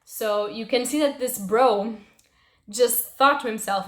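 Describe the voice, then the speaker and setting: A young woman chatting casually about books she read, emotional and expressive, swearing now and then. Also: on the high side, slow. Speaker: book reviewer. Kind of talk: casual book wrap-up chat. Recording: roomy echo.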